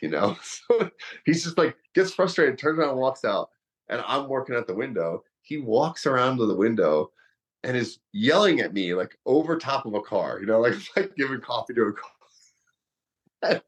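With a mid-range, very animated voice at a moderate pace, a thirty-something former wrestler and fighter rambles through a lengthy tale. He drops in lots of fillers and laughs throughout.

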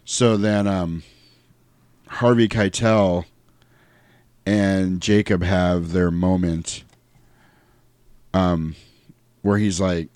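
Low voice guy on a podcast, dry close sound, retelling a movie scene by scene and laughing. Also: takes it slowly, pauses often, clean tone, no echo. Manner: animated, laughing, acts out quoted lines. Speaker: podcast co-host. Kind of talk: casual chat recapping a movie.

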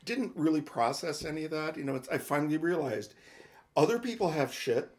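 A man's voice: a little high, lively intonation, brisk. Rambling man telling a story. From Midwest United States. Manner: rambling, self-mocking storyteller. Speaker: podcast co-host. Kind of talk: casual chat.

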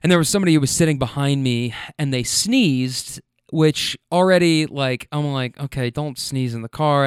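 A man working as a rideshare driver, telling stories in an animated way, swearing freely and using plenty of fillers. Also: a little high, smooth, no room sound, clean studio sound. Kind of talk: casual storytelling.

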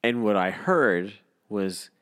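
A young man with a fairly low voice, chatting on a podcast. He swears all the time and tells stories in a rambling way, slipping into quick impressions of the people he is talking about. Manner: swears constantly, animated storytelling with impressions. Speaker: podcast co-host. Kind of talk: casual chat.

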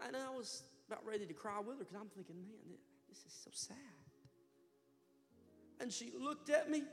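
A man's voice: very high voice, big-room sound. A man pastor preaching a sermon, telling a story with rising fervor and heavy repetition. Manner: impassioned storytelling preacher, building to loud fervor. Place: church sanctuary.

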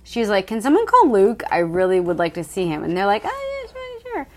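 A woman casually recapping a novel with a friend, swearing freely and acting out the characters in quick voices. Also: medium pitch, very animated. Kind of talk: casual book recap chat.

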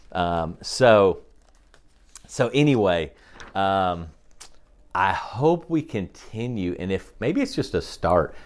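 A man preaching a sermon as pastor, talking conversationally, tagging many lines with "okay?" and acting out quoted voices with jumps in pitch.

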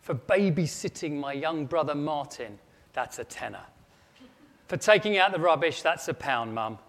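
A man's voice: on the high side, expressive, moderate pace, fairly bright tone. A man voicing a cheeky young boy who reads out prices in a perky, emphatic way. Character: cheeky young British boy billing his mum. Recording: long echo of a large hall.

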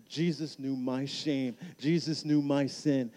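A man speaking at a youth camp, telling his own story as a sermon, dropping soft and slow on key lines. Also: mid-range voice, steady tone. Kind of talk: sermon with personal testimony. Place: large hall at a youth camp.

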